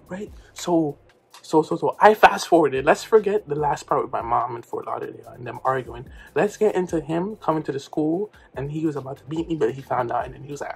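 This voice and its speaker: A young man from New York telling a comedic storytime in slangy, animated speech with loud outbursts. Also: on the high side, fairly quick, gravelly, husky. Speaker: vlogger.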